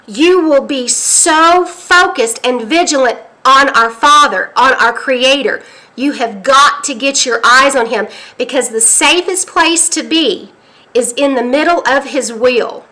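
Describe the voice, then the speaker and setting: A woman from the United States recounting a dream as an earnest spoken testimony, halting and restarting, then pressing urgent warnings. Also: high voice, sharp tone. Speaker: prophetic dream teller.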